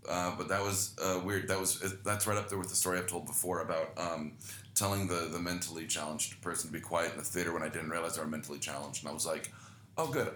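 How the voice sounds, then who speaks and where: A young man hosting a podcast delivers a casual storytelling monologue, rambling, self-deprecating, and heavy on swearing. His voice is low but fairly bright, and the recording is reverberant with a little hiss or hum.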